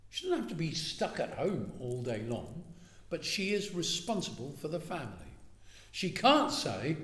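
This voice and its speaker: A man giving a lively talk on Jewish thought in a synagogue, acting out little dialogues and often asking "right?". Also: fairly high pitch, a little slow. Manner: animated, acts out little dialogues, asks "right?". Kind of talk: lively lecture to a synagogue audience. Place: synagogue hall. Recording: echoey hall.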